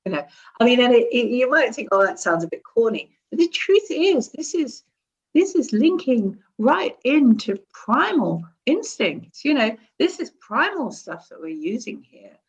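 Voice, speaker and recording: A woman talking as a wellbeing specialist in a casual conversation, animated and demonstrative, laughing often. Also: a little high, moderate pace. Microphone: seated at a chair.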